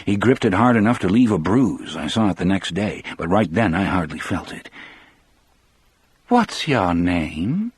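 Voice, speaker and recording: A man narrating an audiobook in a measured, grave storytelling manner. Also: low voice, husky, no echo. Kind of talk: scripted narration.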